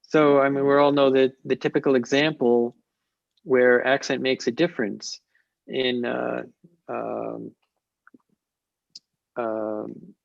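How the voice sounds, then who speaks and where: A man with a gravelly voice answers questions in a slow, measured way, often pausing and restarting. His voice sounds dry and close over muffled video-call audio. He speaks as a lecturer in an academic webinar. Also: medium pitch, flat delivery, dry recording. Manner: measured, hesitant, with many fillers and restarts.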